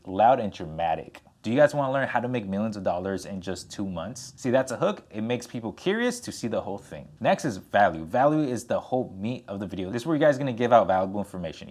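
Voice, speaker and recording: A young man giving a direct-to-camera tutorial as a content coach, energetic and animated, gesturing with his hands and playing with his tone for emphasis. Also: medium pitch.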